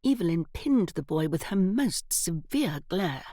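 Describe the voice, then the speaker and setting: Woman audiobook narrator, measured, dry studio sound. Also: on the low side, big pitch swings, mellow, dry recording.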